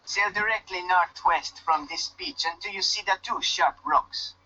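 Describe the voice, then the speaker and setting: A man's voice: high voice, a little slow, pushed and bright, full character voice. An actor with a put-on Jamaican accent playing a guarded loner fisherman stranded on an island, stiff and curt with no contractions, in dull lo-fi game audio. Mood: gruff.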